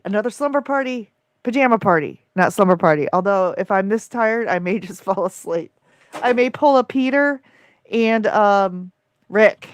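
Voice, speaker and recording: A tired woman hosting a livestream, reading out viewer comments in an excitable, emotional rush. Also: medium pitch, no echo. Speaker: livestream host and coach. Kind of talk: live-stream chat reading viewer comments.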